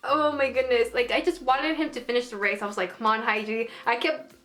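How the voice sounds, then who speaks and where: A woman's voice: sits high, brisk, fairly bright tone, soft background music. A woman giving a casual, gushing and emotional review, full of fillers and exclamations. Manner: gushing and emotional, lots of "like" and "oh my goodness". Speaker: anime reviewer.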